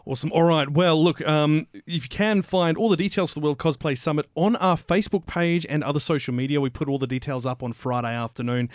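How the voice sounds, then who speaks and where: A man's voice: fairly high pitch, brisk, few pauses, dry recording, clean studio sound. A man with an Australian accent hosting a casual podcast chat, laughing often. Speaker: podcast host.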